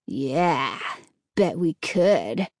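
A woman voicing a mischievous, mocking boy with a high, teasing voice. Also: big pitch swings, very slow, darkish tone, no echo, clean studio sound, full character voice.

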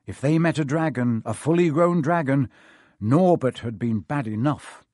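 A man reading a storybook aloud in an expressive, varied narration. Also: medium pitch, moderate pace, dry recording, clean studio sound. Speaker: audiobook narrator.

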